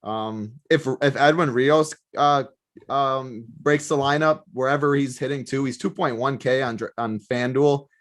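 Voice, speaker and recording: A man giving fantasy sports picks in casual talk, matter-of-fact and brisk. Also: medium pitch, steady tone.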